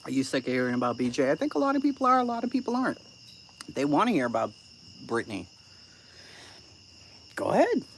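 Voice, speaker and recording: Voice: mid-range voice, very animated, fast, pauses often, a little hiss or hum. A channel host giving casual live-stream commentary and answering chat, blunt, profane and sarcastic.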